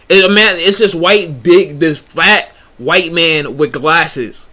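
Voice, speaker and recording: A young man streamer telling a story in a casual, animated way, full of slang and restarts. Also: fairly high pitch, takes it slowly, few pauses.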